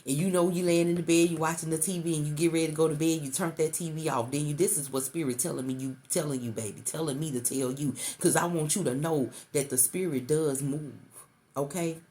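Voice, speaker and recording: A woman's voice: deep voice, fairly even intonation, brisk, dark tone. A middle-aged woman doing an intuitive tarot reading to the viewer, repeating herself and calling the listener baby. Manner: repetitive, coaxing, calls listener baby. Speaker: tarot reader.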